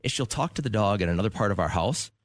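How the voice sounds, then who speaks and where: A man's voice: lowish voice, lively intonation, quick pace, no echo, clean studio sound. A man co-hosting a radio show, chatting casually and telling joking stories. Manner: joking storyteller, acts out quotes. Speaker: radio co-host. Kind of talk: casual morning radio banter.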